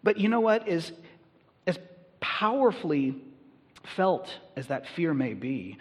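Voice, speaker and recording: A man's voice: a little high, sing-song, measured pace, husky, long reverb tail. A man preaching a sermon as a pastor, conversational and emphatic.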